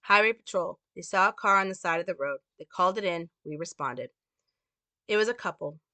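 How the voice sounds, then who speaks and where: A woman's voice: lowish voice, brisk, pushed and bright, no room sound. A woman reading the lines of a sarcastic, hard-bitten male police detective from a script in a dry, mocking way. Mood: grim.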